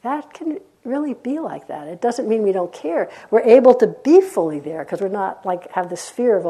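A woman meditation teacher giving a dharma talk in a gentle, unhurried way, with reflective pauses. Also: medium pitch, big pitch swings, slightly rough.

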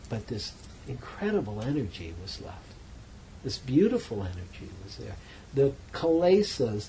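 In a meditation center hall, a teacher gives a dharma talk to a retreat audience, telling stories in a loose, relaxed, chatty way and poking fun at himself. His voice sits at an ordinary middle pitch, with a faint hiss of background noise.

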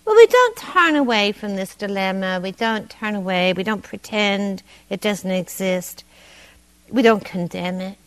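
Lively, playful woman meditation teacher. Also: mid-range voice, measured pace, poor audio. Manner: conversational, gently humorous. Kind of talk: dharma talk. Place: meditation hall.

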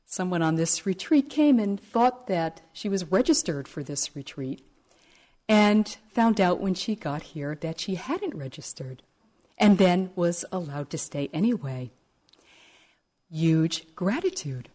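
Low, mellow-voiced woman meditation teacher. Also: animated, unhurried. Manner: gentle, reflective storytelling. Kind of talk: dharma talk at a retreat.

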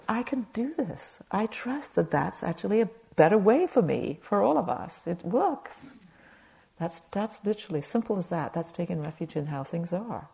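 Low-voiced, mellow woman meditation teacher. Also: creaky. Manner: gentle, conversational, talks to the audience with light humor. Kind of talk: dharma talk at a retreat.

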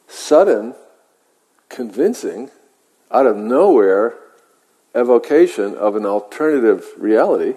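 A man, a meditation teacher, telling a story in a measured, reflective way with halting pauses, in a meditation hall. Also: medium pitch, mellow, breathy edge. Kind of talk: dharma talk storytelling. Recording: long hall reverb.

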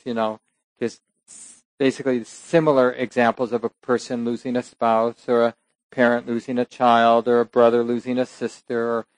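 A man giving a meditation dharma talk, retelling a teaching story in a reflective, unhurried way and pausing to correct himself. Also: medium pitch, no echo, poor audio. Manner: unhurried, reflective, with occasional laughs and self-corrections. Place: meditation center hall.

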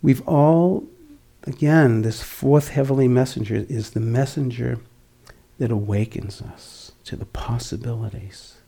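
Gravelly, mellow older man teaching meditation. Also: medium pitch, a little slow. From Boston area, USA. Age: 60s. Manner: gentle and reflective, voice dropping to near whispers. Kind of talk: dharma talk.

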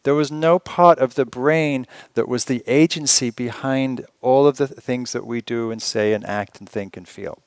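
A man's voice: medium pitch, moderate pace, few pauses, clear, resonant tone, dry recording. Man giving a conversational meditation talk. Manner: conversational, rhetorical questions, gently humorous. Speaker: meditation teacher. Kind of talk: retreat dharma talk. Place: meditation retreat hall.

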